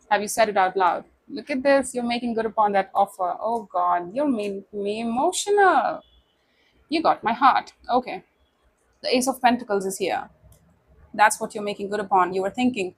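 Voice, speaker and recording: A woman giving a tarot reading straight to the listener, speaking in an emotive way with many asides. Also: medium pitch. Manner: warm, emotive, speaks directly to the listener with many "you know"s. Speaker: tarot reader. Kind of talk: casual tarot reading to camera.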